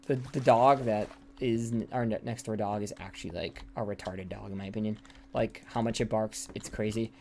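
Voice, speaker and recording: A young man casually chatting while playing a game on stream, rambling and swearing offhandedly, sometimes dropping his voice low. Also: steady tone, moderate pace, a little mellow, slight background noise. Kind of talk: casual gameplay chat. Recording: clear background typing and clicks.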